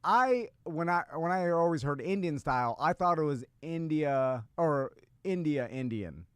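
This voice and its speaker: A podcast co-host rambles through casual chat, restarting often and laughing frequently. His voice is a little high, expressive and smooth, a bit slow in pace, captured in a dry, clean studio recording.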